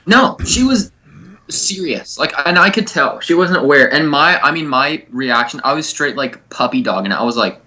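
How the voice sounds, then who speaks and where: A man's voice: fairly high pitch, expressive, normal speed, bright, forceful tone. A young man co-hosting a comedy podcast, rambling through a crude dating story with a lot of swearing. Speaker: podcast co-host.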